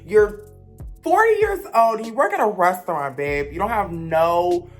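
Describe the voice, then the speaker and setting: A woman's voice: medium pitch, expressive, normal speed, faint music behind. A young woman, telling a blunt, gossipy storytime rant as a vlogger.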